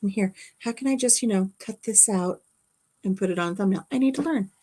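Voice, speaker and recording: A woman's voice: mid-range voice, brisk, warm tone. A middle-aged woman hosting a casual livestream from her craft room at home, rambling and chatting as she reads viewer comments aloud. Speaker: livestream host.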